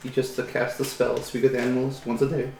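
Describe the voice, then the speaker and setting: A man running a tabletop game as game master, talking in a relaxed, hesitant way with fillers. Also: medium pitch, fast talker, gravelly. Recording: roomy with faint music.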